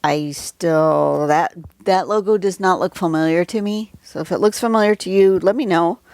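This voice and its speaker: Speaking at normal speed, a woman with a somewhat low, slightly mellow voice runs a casual drawing lesson on livestream. She rambles and chats with frequent asides; it's recorded on her phone at home, yet sounds clean and studio-like with no room sound.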